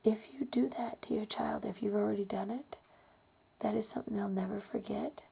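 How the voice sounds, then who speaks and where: A woman with a breathy, gravelly voice recounts a personal memory, often sinking to a near whisper. Her tone is mellow and dark, and she speaks haltingly, with ums and restarts. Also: medium pitch, fairly even intonation. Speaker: storyteller sharing a personal memory. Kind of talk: personal storytelling monologue.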